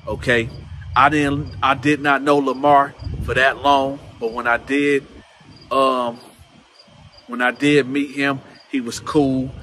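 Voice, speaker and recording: A man telling a story casually to camera, lively and acting out other people's voices. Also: medium pitch, slight background noise. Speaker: channel host telling prison stories.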